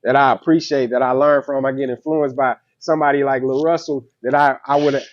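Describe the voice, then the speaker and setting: A laid-back man from St. Louis talks through a casual interview as a rapper guest. He often checks in with "you know what I'm saying?" and his voice sits at a middle pitch. The recording sounds dull and lo-fi. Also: fairly even intonation, fairly quick, no echo. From St. Louis, USA.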